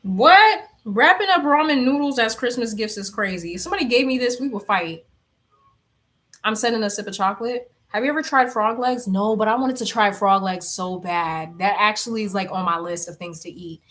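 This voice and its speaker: A woman's voice: medium pitch, brisk, a bit bright. A young woman chatting casually on a livestream, reading comments aloud, blunt and laughing often. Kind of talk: casual chat.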